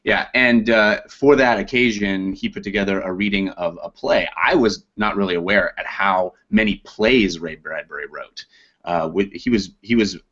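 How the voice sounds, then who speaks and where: A man, an actor and audiobook narrator, chatting in a relaxed, self-deprecating way in an interview. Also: low-pitched, normal speed, muffled recording. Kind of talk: casual interview chat.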